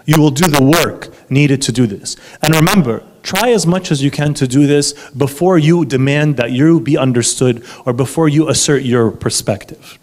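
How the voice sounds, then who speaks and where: A man, a marriage counselor, giving a live talk to an audience, emphatic and often asking the listeners if they follow. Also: a little high. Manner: animated, emphatic, asks the audience for agreement.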